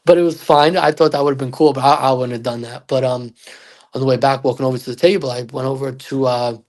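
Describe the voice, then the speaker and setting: A podcast guest tells a personal story in a loose, rambling style, acting out what people said and filling gaps with "uh" and "like." His mid-range voice is darkish and fairly even, and he talks at a quick pace.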